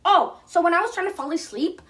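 Woman playing a boastful superhero boy, high-pitched and bouncy. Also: lively intonation, fast, fairly bright tone. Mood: proud.

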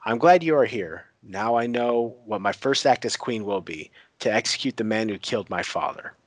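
A man voicing a proud young woman claiming a sea throne, in his own low voice. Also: animated, normal speed, no echo.

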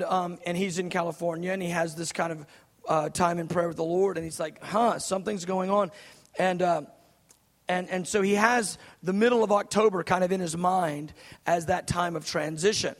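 A man in his thirties preaching a sermon, telling a story in an earnest way with many fillers and restarts. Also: high voice. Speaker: pastor. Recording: long reverb of a large hall.

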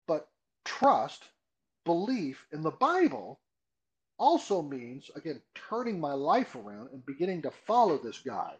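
The audio is dull, but this pastor guest comes through very animated, speaking at normal speed in a fairly high voice. During the conversational interview he earnestly explains doctrine, leaning on rhetorical questions and emphatic repetition.

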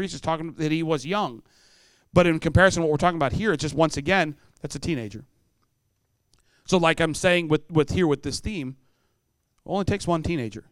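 A man's voice: fairly high pitch, clear, resonant tone, no room sound. Middle-aged man, youth preacher, storytelling sermon, clean resonant voice, close and dry. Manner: storytelling, acts out voices, asks the room questions. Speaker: preacher speaking to teenagers.

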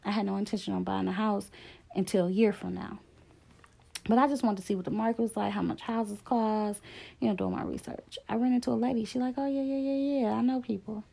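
A woman's voice: mid-range voice, steady tone, creaky, dark tone, breathy edge. A middle-aged woman casually telling a personal story, candid and emphatic in how she talks. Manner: candid, emphatic, drifting between fast and slow. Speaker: speaker sharing a personal story.

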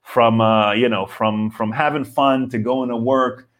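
A man's voice: mid-range voice, fairly even intonation, unhurried. Rambling man in his forties ranting. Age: 40s. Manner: rambling, frequent restarts and fillers, acts out quotes. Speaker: comedian host. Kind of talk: live comedy rant podcast.

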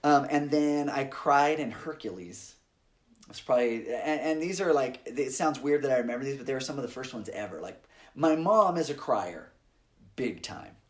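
A man in his thirties co-hosting a podcast, telling personal stories in a casual, animated way. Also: mid-range voice, normal speed. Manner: animated storyteller, acts out quoted family voices. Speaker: podcast co-host. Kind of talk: casual chat.

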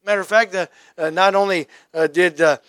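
Pastor at the pulpit: man with a high, dry close voice, folksy sermon, swings from emphatic to hushed. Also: fairly even intonation, a little fast, no echo. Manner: swings between loud emphatic preaching and soft hushed asides; folksy, light humor between scripture readings. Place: church sanctuary at the pulpit.

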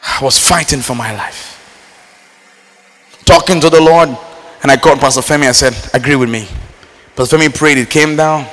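Nigerian-born male preacher, high bright voice, animated sermon delivery with loud peaks and hushed asides, echoing hall. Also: normal speed, long pauses. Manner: animated preaching, swinging from loud emphatic lines to low quiet asides. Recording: reverberant hall.

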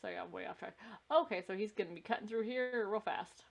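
A woman co-hosting a podcast talks fast in a mid-range voice while they watch a movie together. She's casual and blunt, laughs often, and swears freely.

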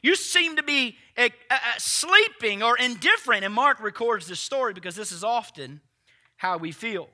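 A man's voice: extremely high pitch, animated, moderate pace, pushed and bright. A man preaching a sermon emphatically, firing rhetorical questions at his congregation. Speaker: pastor.

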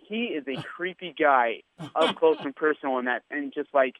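A man who is a radio sports host, excitedly telling an anecdote and acting out the quoted lines. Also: on the high side, normal speed, background noise. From India. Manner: animated anecdote teller, acts out quoted lines. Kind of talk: casual storytelling. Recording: tinny phone-like line.

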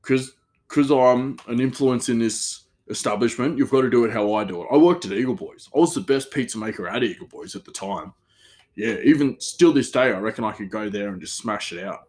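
A man's voice: medium pitch, a little fast, a little mellow, lightly acted. A man voicing a bossy, boastful male pizza shop boss, lecturing and pompous.

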